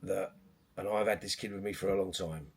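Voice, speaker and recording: Middle-aged man, husky, lowish voice; boxing coach telling rambling stories. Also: a little fast. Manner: animated, rambling with restarts. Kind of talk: conversational podcast storytelling.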